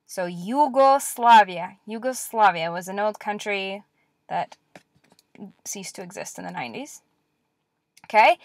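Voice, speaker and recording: A woman teaching a lecture-style language lesson, repeating words slowly and clearly with patient encouragement. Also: medium pitch, a bit bright, dry recording, studio quality.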